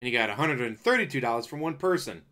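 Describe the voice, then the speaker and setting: A man's voice: mid-range voice, expressive, fast talker. Sarcastic man mocking a streamer. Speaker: reaction channel host. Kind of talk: sarcastic reaction commentary.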